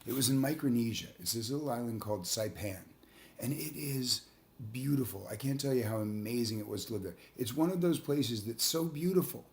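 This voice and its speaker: Earnest man telling a motivational story. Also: medium pitch. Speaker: transformational leader and coach.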